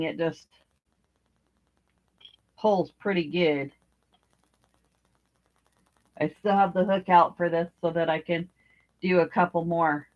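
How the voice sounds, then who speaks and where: A woman, older, chatting casually about her crochet as she works, rambling and thinking aloud with fillers. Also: fairly low pitch. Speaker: crochet vlogger. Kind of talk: casual chat while crocheting. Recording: dull lo-fi home recording.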